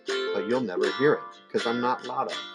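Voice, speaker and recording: A middle-aged man teaching ukulele in a relaxed, chatty way, with fillers and small laughs. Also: mid-range voice, fairly quick, loud music behind the voice. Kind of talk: casual instructional talk. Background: ukulele playing between phrases.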